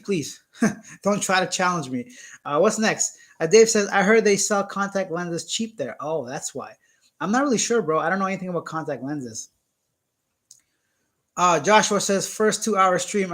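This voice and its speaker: A man's voice: fairly high pitch, a bit bright. A young man from Canada hosting a casual live stream, reading viewer comments aloud and joking around. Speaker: YouTube channel host.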